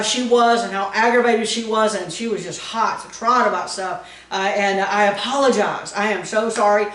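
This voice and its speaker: A middle-aged woman telling personal stories in a devotional talk, acting out what people said with lively energy. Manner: animated storytelling, acting out quoted lines in a higher, louder voice. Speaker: Christian educator giving a devotion. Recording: roomy, voice a bit far from the mic.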